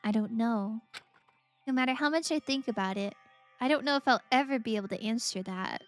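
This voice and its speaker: A woman voicing a young princess in a video game who quietly doubts herself. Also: a little high, brisk, soft background music, voice pushed down, lightly acted. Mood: troubled.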